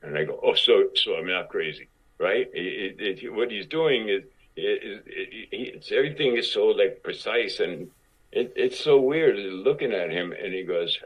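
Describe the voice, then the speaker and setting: Husky-voiced older man telling stories. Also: fairly low pitch, expressive, normal speed, low-quality recording. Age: 60s. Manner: acts out other people's lines while telling stories. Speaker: actor, podcast guest. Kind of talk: casual anecdote telling.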